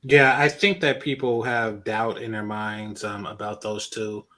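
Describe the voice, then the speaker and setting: A man's voice: fairly low pitch, level tone, unhurried, pushed and bright. A man joining a casual live-stream chat as a guest, polite and hesitant, with many fillers.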